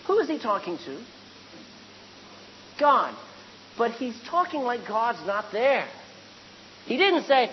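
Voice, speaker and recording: Woman preacher, lively sermon voice, rhetorical questions, long hall reverb, dull lo-fi sound, faint room ambience. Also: a little high, moderate pace, pauses often, slight background noise. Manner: animated, rhetorical questions to the congregation, acts out quotes.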